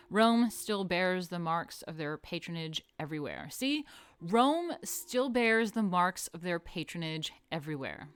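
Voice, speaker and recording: A woman's voice: fairly low pitch, clean tone, no echo. A woman hosting a casual art history lecture, chatty and swearing, often drifting into asides. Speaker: host.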